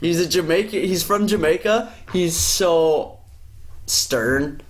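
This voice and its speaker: A fairly high-pitched man talks slowly while hosting a podcast. He swears freely in a relaxed chat, telling a workplace story with plenty of animation.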